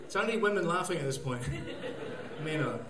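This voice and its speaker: A man's voice: fairly high pitch, expressive, brisk. A man doing a rambling, crude stand-up set, laughing at his own jokes in front of a live crowd. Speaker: stand-up comedian. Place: comedy gig venue, live audience. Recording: echoey live venue.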